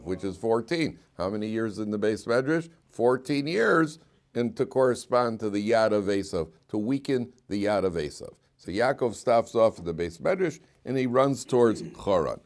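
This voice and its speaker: A middle-aged man, a rabbi teaching a Torah class, who stretches key phrases slowly and loudly, quizzes his students and drops low and quiet for wry asides. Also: lively intonation.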